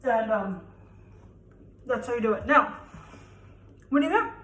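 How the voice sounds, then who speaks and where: A young woman with a fairly high voice talks her way through a home cooking demo. Her talk is chatty and rambling, with a self-deprecating streak. The kitchen around her sounds echoey. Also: expressive, a little slow, a bit bright. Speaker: home cook vlogger. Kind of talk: casual cooking demonstration.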